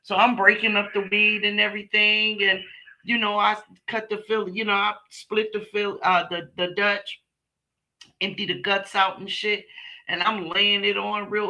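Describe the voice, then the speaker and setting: A woman's voice: mid-range voice, normal speed, rough recording. A woman hosting a live stream, telling a casual, slangy and profane story to her viewers. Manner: animated, slangy and profane, addresses viewers as y'all.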